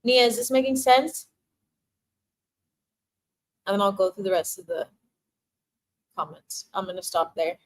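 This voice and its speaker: A young adult woman hosting a casual spiritual livestream, reading out viewer comments and giving tarot readings with frequent laughter and warm affirmations. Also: medium pitch, expressive, a little slow, pauses often, poor audio. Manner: bubbly, laughs often, emotional and affirming.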